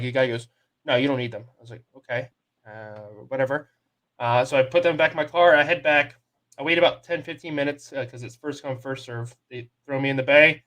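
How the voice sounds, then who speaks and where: A young man co-hosting a sports podcast, telling a long story in a loose, casual way and quoting the people in it. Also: medium pitch. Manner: animated storyteller, quotes people in his story. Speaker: podcast co-host.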